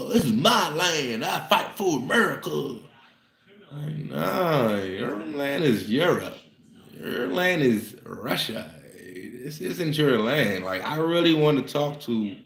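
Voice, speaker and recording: A man in a casual monologue, ranting in a profane, fired-up way. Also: on the low side. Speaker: vlogger. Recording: roomy echo.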